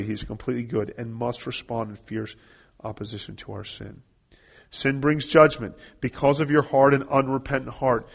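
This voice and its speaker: A man's voice: lowish voice, vocal fry. Earnest man explaining a gospel tract. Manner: earnest, reads scripture aloud and explains step by step. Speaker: evangelism trainer. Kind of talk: instructional talk walking through a gospel tract.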